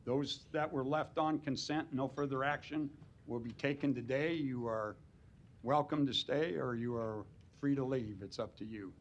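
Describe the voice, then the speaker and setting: A man runs a planning board meeting in a council chamber, moving briskly through motions, votes and case numbers. His voice comes through muffled, with a faint low hum underneath. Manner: brisk procedural, reads case numbers aloud. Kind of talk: chairing a public meeting.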